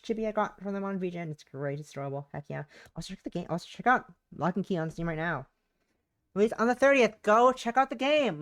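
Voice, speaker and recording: A woman streaming a game playthrough, reading the text aloud in a lively, casual way and tripping over words. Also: on the low side. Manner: animated, stumbles and rereads words.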